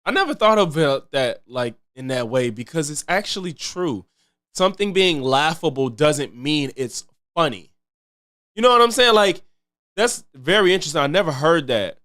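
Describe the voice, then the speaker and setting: A man's voice: fairly high pitch, lively intonation, normal speed, a bit bright. A man commenting casually on a live stream, loose and chatty, repeating himself and thanking viewers. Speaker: streamer reacting to clips.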